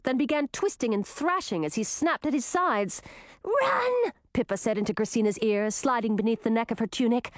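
A woman narrating a fantasy audiobook with expressive, dramatic storytelling. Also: high voice, dry recording, studio quality.

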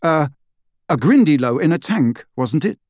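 A man's voice: fairly high pitch, very animated, normal speed, a little mellow, dry recording, studio quality, pitched above the performer's own voice. A man voicing an earnest teenage boy who talks hesitantly. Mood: unsure.

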